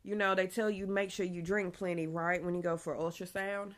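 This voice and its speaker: A woman's voice: on the low side, little pitch movement, fairly quick. A young woman, chatting casually in a pregnancy vlog, a bit out of breath, laughing often. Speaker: vlogger.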